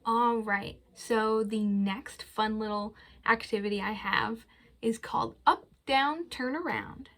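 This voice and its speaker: A woman hosting a children's library storytime, reading a poem aloud and leading action rhymes and animal-sound games in a slow, gentle sing-song voice, seated in front of a camera. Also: fairly high pitch.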